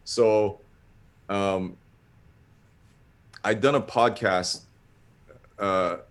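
A man's voice: fairly low pitch, steady tone, extremely slow. A man telling a long casual story, rambling with lots of filler words.

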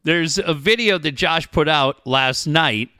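A man's voice: fairly high pitch, unhurried, sharp tone, clean tone, no echo, clean studio sound. A middle-aged man co-hosting a show, telling profane stories with frequent laughter in casual chat. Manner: profane, storytelling, laughs often. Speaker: podcast co-host.

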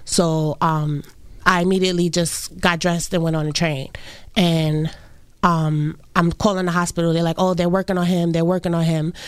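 A young woman, recounting a personal loss in an interview, halting and full of restarts. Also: lowish voice, smooth, no echo, studio quality. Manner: halting, many fillers and restarts. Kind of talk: emotional personal account.

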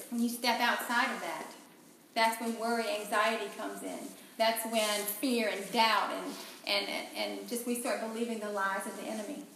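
Woman, fairly high voice, halting and soft-spoken, personal testimony, echoey room, faint noise. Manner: halting, soft-spoken, repeats words when moved. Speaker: guest sharing her testimony.

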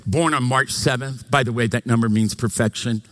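A man from Louisiana, preaching a live sermon in an animated, joking way and often saying "get this". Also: mid-range voice, a little fast, a little hiss or hum. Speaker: pastor. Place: church sanctuary, live.

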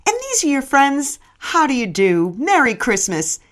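A polished suburban hostess who greets her guests with bright, gushing politeness, as a woman reads her lines in a story. Her voice is a touch higher and livelier than plain talk. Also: wildly swooping pitch, measured pace, full character voice.

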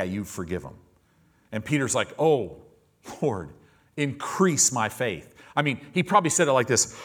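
An animated male pastor preaching to his congregation. His pitch swings widely as he tells stories and acts out the people he quotes, and listeners call back from the pews. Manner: animated storytelling, acting out quoted voices. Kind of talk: sermon. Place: church service with congregation responding.

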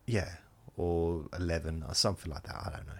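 Podcast comedian: a man with a very low, gravelly voice, rambling deadpan monologue. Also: fairly quick. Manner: self-deprecating, rambling, deadpan asides.

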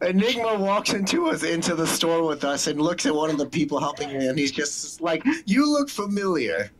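A man's voice: on the high side, a little fast. A man co-hosting a podcast, chatting casually and swearing a lot while he jokes around. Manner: crude, swearing, joking. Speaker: podcast co-host. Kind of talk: casual chat.

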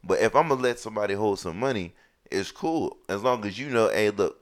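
A man co-hosting a podcast, telling stories in a slangy, animated way. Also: fairly low pitch, fast talker. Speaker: podcast co-host. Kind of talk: casual chat.

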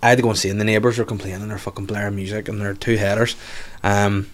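Belfast guy, lowish voice, chatty and sweary, loves a funny story. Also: little pitch movement, fast. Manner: swearing, storytelling, laughs at his own anecdotes. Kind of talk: casual chat.

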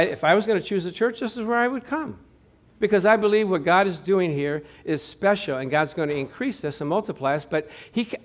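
Animated high-voiced pastor preaching. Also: male voice. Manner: animated, jokey, acts out quoted voices. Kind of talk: sermon. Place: church.

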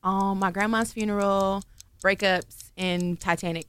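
A woman co-hosting a casual podcast, boastful and laughing, quick to argue about the game. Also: medium pitch, steady tone, fairly bright tone, smooth, dry recording. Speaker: podcast co-host.

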